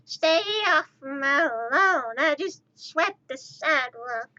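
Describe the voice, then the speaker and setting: A woman putting on the voice of a grumpy old man scolding kids, slow and scolding, from a dull lo-fi stream recording. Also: high-pitched, lively intonation, bright, forceful tone, heavily acted.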